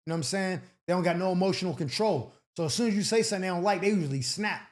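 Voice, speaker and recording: A young man hosting an advice show, reading letters and riffing in slangy, animated casual talk, often acting out the people he quotes. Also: high voice, rapid-fire.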